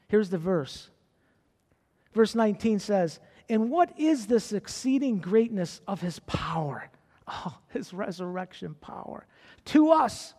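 A man preaching a sermon as pastor, building to fervent exhortations to his church. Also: high-pitched. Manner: preaching with rising excitement and exhortations. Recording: hall reverb.

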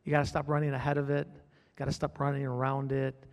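A man's voice: medium pitch, monotone, quick pace, a little mellow, long reverb tail. A man preaching a sermon as pastor, fervent, repeating his phrases and calling out to the congregation.

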